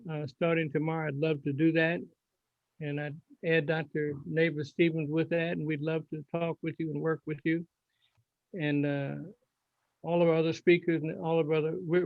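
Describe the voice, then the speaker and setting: Gravelly man hosting a video call. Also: a little high, no echo, phone-quality sound. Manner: halting, spells out contact details slowly. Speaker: host of an online health forum. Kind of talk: closing remarks on a video call.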